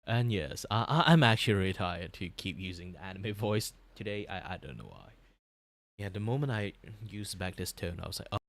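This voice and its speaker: A young man from Malaysia with a Malaysian English accent, chatting casually on a livestream in an animated, rambling way, with many restarts and laughs. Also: sits low, a little fast, dry recording. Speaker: VTuber streamer.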